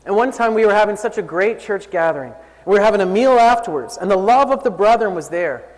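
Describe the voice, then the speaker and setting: Male preacher, earnest storytelling sermon, slightly high voice, long hall reverb. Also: lively intonation, quick pace. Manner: earnest, storytelling, rises and falls in pitch and volume. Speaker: pastor.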